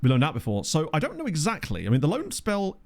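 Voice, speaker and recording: A man's voice: on the high side, huge pitch swings, fast talker. A man giving casual, chatty gameplay commentary, thinking aloud and joking with his chat into a desktop microphone. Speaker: gaming video creator. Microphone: desktop USB microphone.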